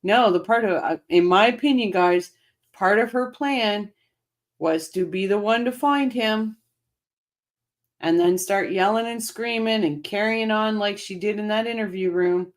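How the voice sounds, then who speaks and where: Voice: medium pitch, unhurried. A livestream host who says they are losing their voice, chatting casually, reacting and reading viewer comments over court footage. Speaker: host of a true-crime livestream.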